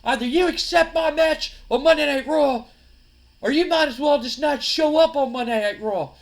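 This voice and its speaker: A man voicing a furious male wrestler who yells threats and challenges. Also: very high-pitched, moderate pace, voice pushed up. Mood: angry shouting. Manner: yelling, threatening, heated.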